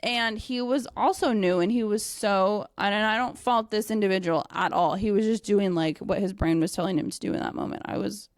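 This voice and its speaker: Animated young woman telling a story. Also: mid-range voice, normal speed, few pauses, no echo, clean studio sound. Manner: animated, swears a lot, many fillers. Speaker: dog trainer and company owner. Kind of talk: casual storytelling.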